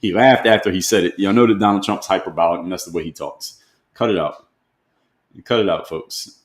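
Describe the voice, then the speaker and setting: Guy hosting a live stream, answers comments, deep voice, echoey room. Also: fairly quick. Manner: conversational, repeats rhetorical questions. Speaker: host. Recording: roomy echo.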